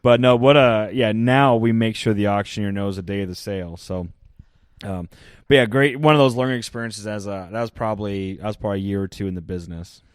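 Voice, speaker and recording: A man's voice: lowish voice, a little fast, clear, resonant tone, no echo, studio quality. A man with a Midwestern American accent, a podcast guest telling stories in an easygoing way and laughing as he goes. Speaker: podcast guest, land sales manager. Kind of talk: casual storytelling chat.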